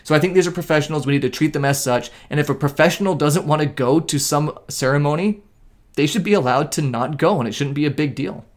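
A man in his thirties co-hosting a casual talk show, explaining things in an earnest, steady way. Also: a little high, quick pace. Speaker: co-host. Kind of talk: casual podcast chat.

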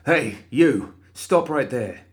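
A nervous, gruff guild guard, blunt and jumpy, with a somewhat raised, louder voice, as a male narrator plays him. He barks out short lines with lively swings in tone. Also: on the low side, unhurried. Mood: alarmed.

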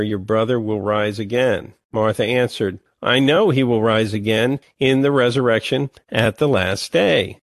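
A man preaching a sermon, reading scripture passages slowly and breaking into emphatic, lively comments between them. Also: medium pitch, dry recording.

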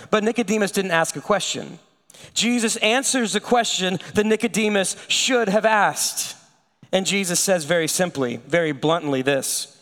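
A man preaches a sermon in a relaxed, conversational way, telling stories with animation. His voice sits fairly high and rings out with a long church reverb. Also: measured pace. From United States. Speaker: pastor.

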